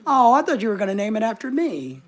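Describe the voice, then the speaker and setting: Lounging on his couch at home, a livestream host jokes with his audience and reads their comments out loud in a relaxed live chat. His voice sits high, and he talks fast and very animatedly.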